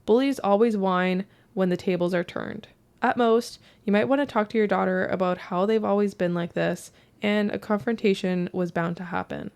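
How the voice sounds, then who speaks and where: A woman co-hosts a podcast, reading comments aloud and then weighing in bluntly. Her voice sits mid-range with a strong gravelly fry running through it. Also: mid-range voice, steady tone, moderate pace, a little mellow. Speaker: podcast co-host. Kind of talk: reading a post aloud, then casual chat.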